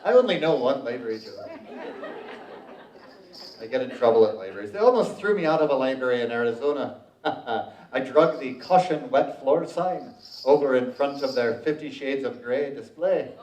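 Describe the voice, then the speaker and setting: A man's voice: mid-range voice, animated, moderate pace, a little mellow, recorded from a distance. A man performing Celtic folk music who tells jokes and storytelling between songs, speaking to a live audience with dry humor. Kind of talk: live show banter and storytelling. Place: public library event room. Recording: echoey room from off-mic, dull.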